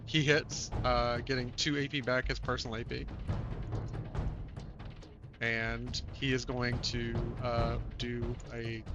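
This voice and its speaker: A man narrating a tabletop game as game master, with a halting delivery full of filler sounds. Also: medium pitch, flat delivery, lo-fi sound. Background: music.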